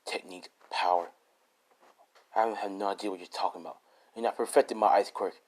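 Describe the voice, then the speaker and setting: A man voicing a hushed, defiant young ice hero. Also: fairly even intonation, a little fast. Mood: confused. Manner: low, hushed, confused.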